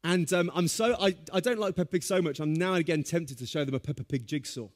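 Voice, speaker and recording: A man preaching a sermon, telling stories in a lively, humorous way. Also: fairly high pitch, fast.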